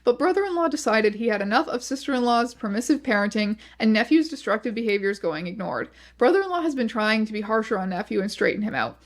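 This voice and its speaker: A woman narrating a video essay, reading online posts aloud in a flat, measured voice. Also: fairly high pitch.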